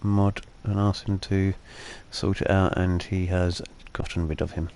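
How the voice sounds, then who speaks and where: A man with a lowish voice banters through a gaming stream, joking and rambling with plenty of fillers. Faint noise sits under the recording. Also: little pitch movement, a little slow, a little mellow. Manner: joking, chatty, with frequent fillers. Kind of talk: casual gaming chat.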